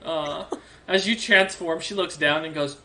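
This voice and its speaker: A game master narrating a tabletop game, animated and often laughing between descriptions. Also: mid-range voice, measured pace.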